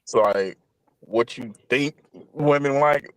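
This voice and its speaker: A man in casual chat, relaxed and laid-back, using many fillers. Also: mid-range voice, slow, rough recording.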